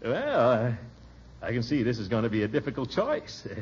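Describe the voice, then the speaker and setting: Pompous flustered official, stammers, chuckles, voice bounces all over, muffled old radio sound. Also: male voice, medium pitch, huge pitch swings, moderate pace, a little mellow. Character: blustering flustered middle-aged male official. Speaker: pompous small-town official. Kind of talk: 1940s radio acting. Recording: dull old radio recording.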